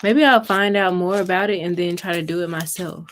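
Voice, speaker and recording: Young southern woman w/ a lowish voice, chatting w/ her stream chat, drawls her vowels a bit. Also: steady tone, slight background noise. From Mississippi, US. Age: young adult. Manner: chatty, answers viewer comments aloud, drawn-out vowels. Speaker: crafting livestream host. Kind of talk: casual livestream chat.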